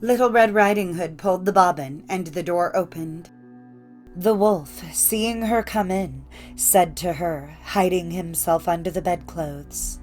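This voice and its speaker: A woman reading a classic fairy tale aloud in a measured, clear storytelling manner. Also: fairly low pitch, a little mellow, soft background music. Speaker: audiobook narrator. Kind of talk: scripted storybook narration.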